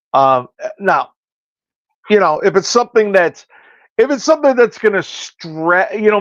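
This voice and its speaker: A podcast host who also works as a hairstylist tells stories in casual conversation, acting out the quoted dialogue. His voice is on the high side, and the audio is dull with no room sound.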